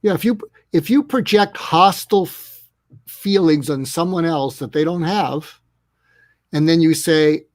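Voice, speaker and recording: A man being interviewed over a video call, talking earnestly and walking through his ideas step by step. His voice sits a bit high and sounds dry and close, with no room around it. He often slips into acting out short exchanges. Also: expressive, measured pace, dry recording. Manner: earnest, explains in steps, acts out dialogue. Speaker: guest expert on listening. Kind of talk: interview conversation.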